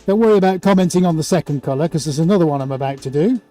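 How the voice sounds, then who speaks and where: A man's voice: a little high, very fast, mellow, faint music behind. A man hosting a live painting stream, chatting playfully and greeting viewers by name. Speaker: livestream host and painter. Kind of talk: casual livestream chat.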